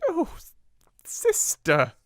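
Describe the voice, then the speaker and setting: A man's voice: high voice, huge pitch swings, normal speed, dry recording, studio quality, pitched above the performer's own voice. A man doing a stammering, timid British spinster. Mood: tearful. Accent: British English. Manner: stammering, fluttery, tearful. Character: timid, flustered plump middle-aged spinster sister.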